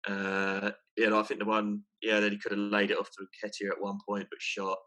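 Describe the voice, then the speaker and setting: A man's voice: fairly low pitch, completely flat delivery, a little fast, sharp tone. A young man co-hosting a casual football chat, hesitant, repeating his words and laughing at himself. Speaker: podcast co-host.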